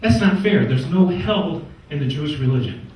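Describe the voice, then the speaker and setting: A man's voice: a little high, lively intonation, moderate pace, darkish tone, slight background noise, close to an everyday voice. A comic putting on an indignant Chicago Catholic guy. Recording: echoey room from far off.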